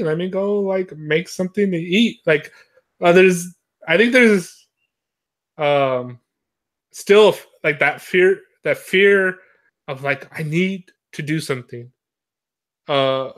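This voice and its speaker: A young man chatting casually, rambling through his thoughts with many fillers and frequent laughs. His voice sits a little high for a man and sounds bright and forceful. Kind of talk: casual chat.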